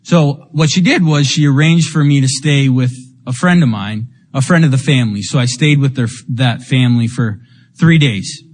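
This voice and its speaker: A man with a mid-range voice speaks at a moderate pace, giving a raw, emotional recovery testimony full of "like" and "you know." His personal story comes with bursts of rueful laughter, and the recording carries a long hall reverb.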